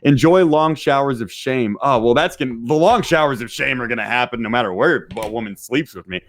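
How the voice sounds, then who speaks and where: A man's voice: medium pitch, animated, brisk. Brash, profane man riffing on live chat. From Texas. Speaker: podcast guest. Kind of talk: crude casual chat reading live chat.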